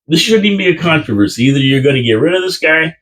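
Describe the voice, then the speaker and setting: A man's voice: a little high, animated, racing, fairly bright tone. A man hosting a casual sports podcast, reading out viewer comments. He speaks in an easygoing way and mostly goes along with his co-hosts.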